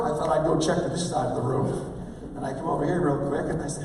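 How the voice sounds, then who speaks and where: A man giving an energetic motivational talk on stage, calling for replies from the audience. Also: a little high, quick pace, few pauses. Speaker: motivational speaker. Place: large hall with a live audience. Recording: echoey hall, mic at a distance.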